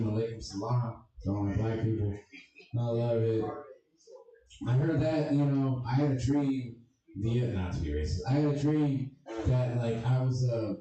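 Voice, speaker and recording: A man's voice: mid-range voice, mellow, lo-fi sound. A man doing a stand-up comedy set with crude, abrasive and self-deprecating jokes. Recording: echoey room, distant mic, crowd audible.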